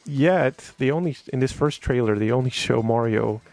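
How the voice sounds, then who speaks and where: Man, casual stream chatter, gravelly, rambling, faint music behind. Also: mid-range voice, moderate pace, a little mellow. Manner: rambling, laughs often, many fillers and restarts. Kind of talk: casual live-stream chat.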